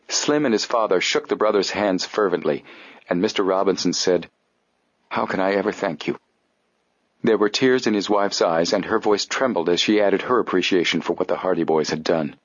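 A man reading an audiobook in steady, even scripted narration. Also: sits low, a little fast, no echo. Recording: dull dry studio audio.

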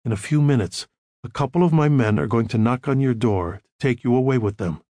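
A man voicing a calm, controlled counselor who gives quiet, measured instructions. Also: medium pitch, no echo, studio quality, natural voice. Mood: firm.

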